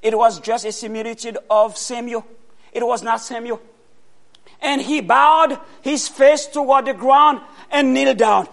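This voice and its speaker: A man preaching a sermon, asking the congregation questions and answering them himself, with loud bursts of emphasis. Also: very high-pitched, fairly even intonation, measured pace, vocal fry.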